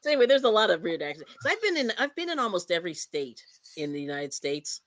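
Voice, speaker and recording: Host type: woman from Pennsylvania, lowish voice, very animated delivery, laughs a lot, dry close sound. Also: fast talker, no room sound. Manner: chatty, laughs often, animated. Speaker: channel host. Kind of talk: casual chat.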